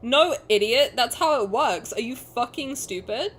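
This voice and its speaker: A young woman streams a game with casual, jokey commentary and swears freely. Her voice is fairly high and swings widely in pitch. A faint hiss of noise sits under it. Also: lively intonation, unhurried.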